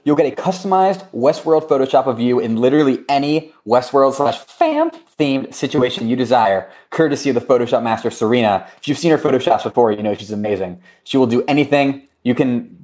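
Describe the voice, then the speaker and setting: A man's voice: medium pitch, very animated, brisk, hardly any pauses. Jokey male podcast host running promos. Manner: jokey, runs through promos and shout-outs. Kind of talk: casual podcast chat. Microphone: remote recording.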